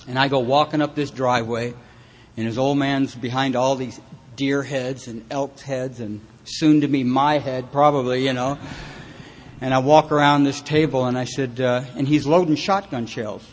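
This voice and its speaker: Man, from Los Angeles, recovery speaker, wry self-mocking storytelling, mid-pitched voice, live talk. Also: a little hiss or hum. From Los Angeles, California. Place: retreat meeting hall, live audience.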